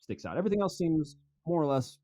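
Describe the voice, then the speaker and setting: A man's voice: a little high, very animated, quick pace, mellow, no echo, studio quality. A man with a Midwestern American accent, co-hosting a casual podcast chat in a laid-back, bantering way. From Kansas City area, USA. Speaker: podcast co-host.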